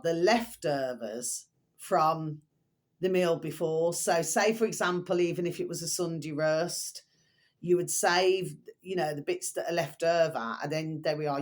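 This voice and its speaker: An older woman vlogging in a rambling, chatty way, stopping often to fondly address her viewers. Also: sits low. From England. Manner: chatty, meandering, fond pet phrases for viewers. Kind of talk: rambling casual monologue to viewers.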